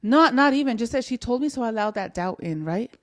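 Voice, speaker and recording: A young woman co-hosting a podcast, telling a personal story in a candid, animated way, with many restarts and the odd Spanish word. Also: fairly high pitch, quick pace. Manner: animated, restarts often, mixes in Spanish words. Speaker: podcast co-host.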